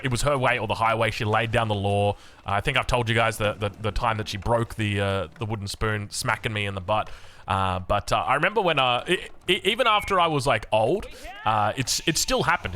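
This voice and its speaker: An Australian man casting a strategy game, rambling excitably into anecdotes with lots of restarts. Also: on the low side, brisk, slight background noise. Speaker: game caster.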